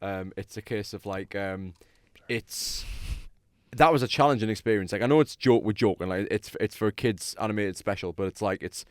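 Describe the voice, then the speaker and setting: A man's voice: on the low side, normal speed. A man hosting a podcast, chatting casually and rambling, tired late at night. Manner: rambling, laughs often. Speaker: podcast host. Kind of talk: casual chat.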